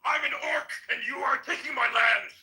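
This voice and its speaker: A man voicing an angry male orc warrior who shouts orders in an exaggerated way. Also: extremely high pitch, moderate pace, echoey room, far from the mic, voice pushed up, heavily acted. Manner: bellowing, exaggerated.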